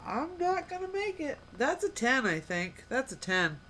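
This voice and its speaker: A woman's voice: high voice, very animated, normal speed, background noise. A woman playing a tabletop game, who speaks in a hesitant, apologetic way. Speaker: player. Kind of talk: casual tabletop game chat.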